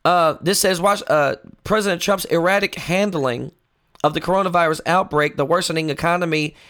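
A man with a high, lively voice delivers a political monologue on his talk show. He mocks and teases, jumping to loud outbursts and then dropping into low, earnest tones. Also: fairly quick.

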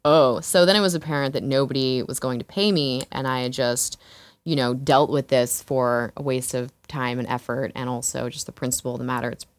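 A woman's voice: a bass voice, steady tone, brisk, no echo. A woman who works as an exotic dancer, telling a story frankly and casually, swearing, laughing often and filling with "like" and "you know". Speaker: exotic dancer, interview guest.

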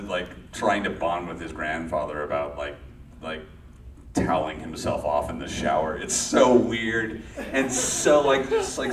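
Recorded from afar in an echoey room with a little hiss or hum, a low-pitched man tells a live audience a story. He's a guest and former child actor from LA who rambles, restarts his sentences and laughs often.

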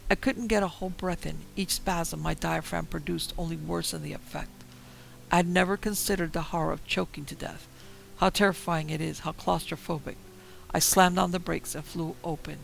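Gravelly man narrating horror. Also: on the high side, fairly bright tone, poor audio. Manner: dramatic, tense storytelling. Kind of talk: first-person horror story narration.

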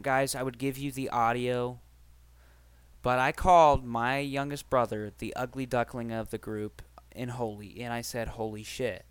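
A man's voice: mid-range voice, smooth, dry recording. A man hosting a casual solo podcast, rambling and swearing freely as he chats. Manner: rambling, profane, conversational. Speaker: podcast host.

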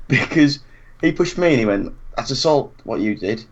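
A young man telling an animated anecdote in casual chat, acting out what people said and laughing often. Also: medium pitch, normal speed. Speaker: storyteller. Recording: dull lo-fi recording.

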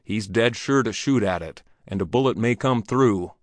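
A matter-of-fact saloon barkeeper in a Western storybook reading, played by a male narrator. He speaks in measured terms and sits low in pitch. The sound is dry. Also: no room sound, natural voice. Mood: steady. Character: steady, matter-of-fact frontier barkeeper man.

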